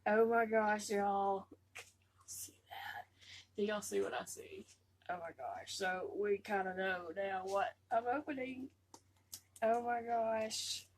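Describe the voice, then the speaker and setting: A woman unboxing a doll on her vlog, gushing with repeated exclamations and drifting into soft murmurs. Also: medium pitch, measured pace, a little hiss or hum, low-quality recording. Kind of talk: casual excited unboxing chat.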